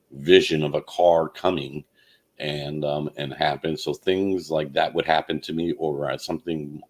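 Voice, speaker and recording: A man telling a personal story in a halting way, with many fillers and restarts. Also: extremely low pitch. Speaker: channel host.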